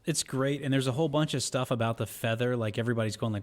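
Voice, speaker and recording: A man's voice: medium pitch, fast. Chatty young man retelling scenes. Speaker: podcast co-host. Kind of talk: casual chat.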